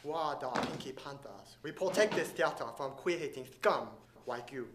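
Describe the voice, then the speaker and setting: A man's voice: fairly high pitch, animated, moderate pace, roomy sound, background noise, close to an everyday voice. An actor playing a cocky, threatening male gang leader guarding a theater. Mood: menacing. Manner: threatening, cocky, laughing taunts.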